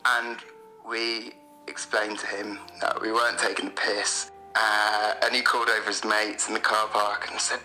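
A man from Bristol, England, calling in to tell a story on a podcast in a relaxed, hedging way. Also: fairly low pitch, moderate pace, soft background music, low-quality recording. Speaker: caller. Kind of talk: telling an anecdote on a podcast call.

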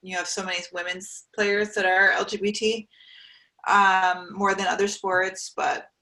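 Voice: mid-range voice, level tone, unhurried, bright, forceful tone, poor audio. A podcast co-host in casual chat, chiming in with short follow-up questions.

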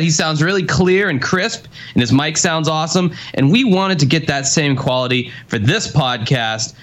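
A man's voice: fairly high pitch, a bit bright. A man co-hosting a podcast in casual chat, joking and rambling as he talks, on a computer call that sounds phoned in. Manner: joking, rambling, laughs often. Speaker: podcast co-host.

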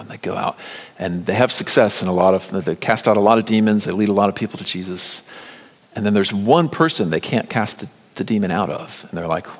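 A man preaches in a somewhat low voice, swinging from loud emphatic lines to hushed, almost whispered appeals. The sound rings out with the long reverb of a large church hall. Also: a little fast. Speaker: pastor. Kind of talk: sermon.

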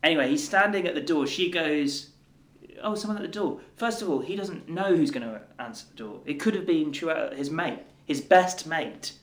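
A man co-hosting a podcast in casual chat, animated and acting out quotes in exaggerated voices. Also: a little high, normal speed, few pauses, roomy sound. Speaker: podcast co-host.

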